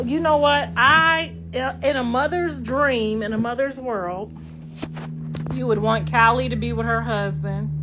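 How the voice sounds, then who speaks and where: A woman's voice: fairly high pitch, background noise. A middle-aged woman hosting a livestream, chatting casually and reading comments in a blunt, profane, sassy way. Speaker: livestream host. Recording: dull lo-fi livestream audio.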